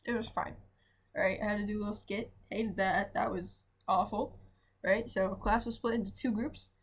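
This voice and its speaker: A woman's voice: mid-range voice, fairly even intonation, moderate pace, slightly rough. A young adult woman, a student, telling a casual diary vlog from home in a rambling, chatty way that keeps asking "right?". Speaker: vlogger, student.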